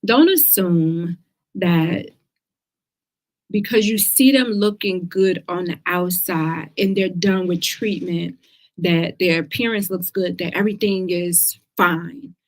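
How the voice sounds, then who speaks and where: Woman, talk show host, casual livestream chat, direct, lively, slightly low pitch. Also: takes it slowly. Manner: lively, direct, speaks to listeners as girl and y'all.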